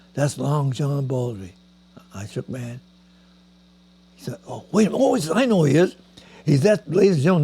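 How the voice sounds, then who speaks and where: A man's voice: fairly high pitch, creaky, mellow, slightly rough. A man, telling rambling stories as a veteran musician, stumbling over repeated words and coughing now and then. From Canada. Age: 90s. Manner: halting, repeats words, acts out quoted voices. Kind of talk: rambling anecdotal storytelling.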